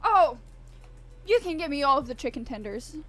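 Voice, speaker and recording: A woman mimicking a pushy loud man. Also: sits high, animated, moderate pace, soft background music. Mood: demanding. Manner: loud, insistent, entitled. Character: pushy grown man demanding all the food.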